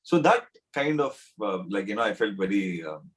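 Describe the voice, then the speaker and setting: A man's voice: on the low side, very animated, normal speed. A middle-aged man with a South Indian English accent, answering interview questions in a rambling way with many fillers and restarts. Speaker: interviewed actor.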